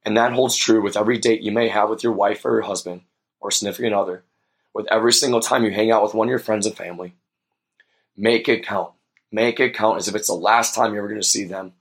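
Young male podcast host, slightly low voice, sincere and reflective storyteller. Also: fairly even intonation, quick pace, slightly rough. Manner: earnest and reflective, with many fillers. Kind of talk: personal storytelling monologue.

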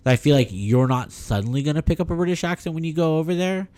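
A man co-hosting a casual podcast chat, telling stories in an animated way with quick asides. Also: a little high. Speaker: podcast co-host.

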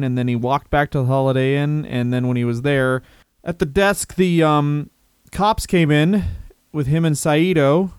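A man's voice: a little high, steady tone, normal speed, smooth, no room sound. A male comedian co-hosting a podcast, telling a rambling story with laughs and swearing. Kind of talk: casual comedic chat.

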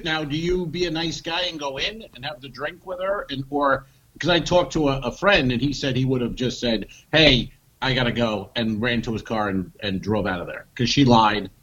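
Husky-voiced man spinning a rowdy story. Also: mid-range voice, normal speed. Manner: animated storyteller, swears freely, repeats himself for emphasis. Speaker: podcast co-host telling a story. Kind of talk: casual chat. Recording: slightly dull, lo-fi sound.

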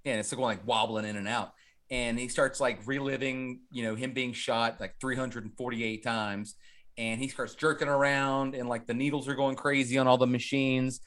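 Male podcast co-host, mid-pitched, loose jokey rambling delivery. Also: flat delivery, normal speed, fairly bright tone. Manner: rambling, filler-heavy, jokey. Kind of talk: casual movie recap chat.

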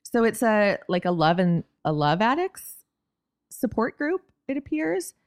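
A woman's voice: mid-range voice, sing-song, unhurried, clear, resonant tone, no room sound. A woman co-hosting a podcast, recapping a TV episode in casual, wry chat. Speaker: podcast co-host.

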